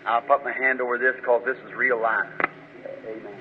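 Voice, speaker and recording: This faith healing preacher has a mid-range voice with little pitch movement and a brisk delivery, and a bit of hiss or hum runs underneath. He prays fervently and commands forcefully when rebuking, captured on a muffled old recording in a reverberant hall.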